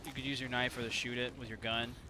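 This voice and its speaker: A man's voice: medium pitch, little pitch movement, quick pace, background noise. A man from Indiana giving casual, profane, rambling let's-play commentary to his viewers. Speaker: gaming streamer.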